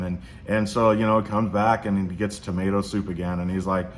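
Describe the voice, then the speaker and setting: Low-voiced man musing on relationships. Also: level tone, a little fast, slight background noise. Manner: rambling, with many restarts and fillers. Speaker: host. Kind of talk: casual motivational monologue.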